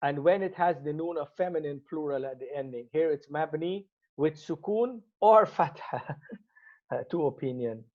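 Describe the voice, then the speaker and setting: A man's voice: fairly high pitch, normal speed. A man teaching an Arabic grammar lesson, explaining step by step and repeating each Arabic word as he goes. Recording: slightly muffled lo-fi recording.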